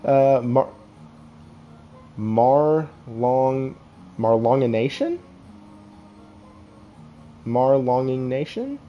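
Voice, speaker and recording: A man's voice: mid-range voice, lively intonation, very slow, long pauses, dull audio, soft background music. A young man hosts a casual live stream, rambling and laughing as he talks to viewers in the chat. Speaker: podcast host.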